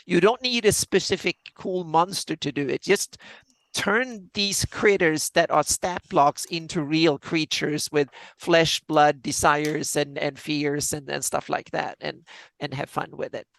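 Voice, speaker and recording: A man's voice: fairly high pitch, steady tone, measured pace, vocal fry, fairly bright tone, no echo. A man hosting a casual chat about tabletop games, who rambles with many restarts. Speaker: podcast host and game master.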